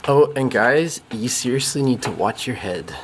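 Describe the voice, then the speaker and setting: A man's voice: mid-range voice, animated, moderate pace. A man filming a travel vlog, chatting casually and making offhand jokes from behind the camera. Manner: joking, offhand remarks. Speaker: cameraman and co-host. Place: narrow stairways of an old hotel. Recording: echoey, noisy hallway sound.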